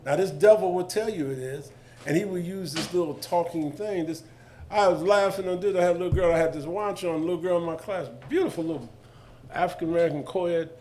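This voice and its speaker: Man in his 70s, panel storyteller, slightly high voice, colloquial and lively, light background hiss. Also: fairly quick. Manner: animated, colloquial, jumps into voices of others.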